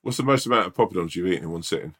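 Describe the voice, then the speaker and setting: Jokey low-voiced podcast co-host. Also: male voice, animated, rapid-fire, a bit bright, breathy edge. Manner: jokey, laughs easily, says mate. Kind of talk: casual chat.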